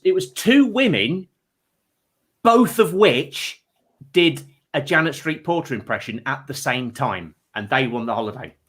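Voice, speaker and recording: A man's voice: a little high, a bit bright. A man in his thirties hosting a comedy panel show, rambling and self-deprecating with stumbling restarts. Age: 30s.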